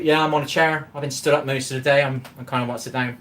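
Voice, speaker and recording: Sitting on a chair in his home kitchen, a man hosts a casual cooking livestream. His mid-range voice is steady in tone, fast, and a bit bright; he rambles, calls out viewers by name, and swears freely.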